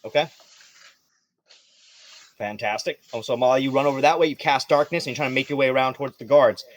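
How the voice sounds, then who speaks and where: A man narrating as game master of a tabletop role-playing game, lively and quick to laugh. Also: mid-range voice, no echo. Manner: lively, laughs often, jumps into quick character shouts.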